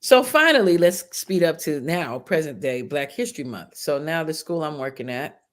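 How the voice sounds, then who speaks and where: A schoolteacher woman telling stories in casual podcast chat, animated and profane, acting out the people she quotes. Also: sits low, moderate pace.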